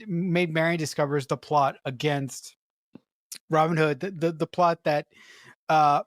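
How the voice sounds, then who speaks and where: An excitable podcast co-host retelling favorite film scenes at a middle pitch, laughing and swearing freely. The sound is dry and close, with no room. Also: no echo. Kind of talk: casual film review chat.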